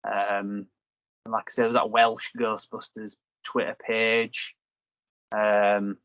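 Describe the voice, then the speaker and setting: Low-voiced man chatting casually. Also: flat delivery, takes it slowly, a bit bright, no room sound, rough recording. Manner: rambling, joking, swears casually. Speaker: reviewer and host. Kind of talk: casual chat.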